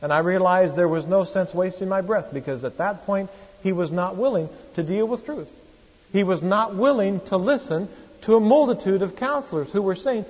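A pastor in his forties tells stories from the pulpit in a conversational way, tossing wry asides to his congregation. His voice sits a little high and has a husky edge. He sounds far off in a reverberant church hall, on a dull lo-fi recording. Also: normal speed, darkish tone. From Oregon, USA. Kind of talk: sermon with anecdotes.

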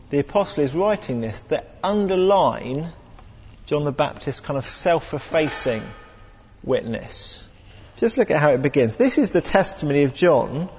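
A man's voice: fairly high pitch, husky, long reverb tail, highs cut off. A man preaching a conversational sermon, acting out little exchanges with humor and fillers. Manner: conversational, animated when acting out exchanges, self-deprecating humor.

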